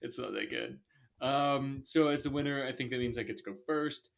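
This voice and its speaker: A man's voice: mid-range voice, sing-song, normal speed, gravelly. Casual man hosting a podcast. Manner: loose, filler-heavy and blunt. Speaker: podcast host. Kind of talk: casual movie review chat.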